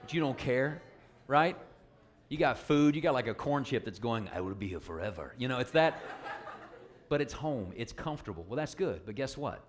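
A man's voice: mid-range voice, expressive, moderate pace, some chatter behind. A man preaching a sermon, joking with the congregation and calling for responses. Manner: call-and-response, joking, emphatic.

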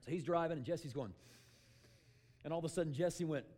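A man preaching a sermon in an animated way, acting out little scenes, calling for amens and sometimes shouting. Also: fairly high pitch, a little fast. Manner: animated, shouts for emphasis and acts out quotes; calls for amen often.

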